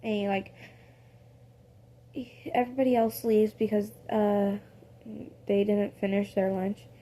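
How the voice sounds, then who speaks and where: A woman telling an improvised story in a casual, rambling way. She fills it with fillers, corrects herself mid-sentence and drops into soft whispered asides. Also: mid-range voice, steady tone, unhurried.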